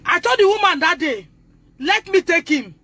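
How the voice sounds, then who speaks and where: Distressed Nigerian woman, high bright voice. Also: sing-song, normal speed, a little hiss or hum. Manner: distressed, raised voice, re-enacts conversations. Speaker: mother speaking on a livestream. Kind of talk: emotional livestream testimony.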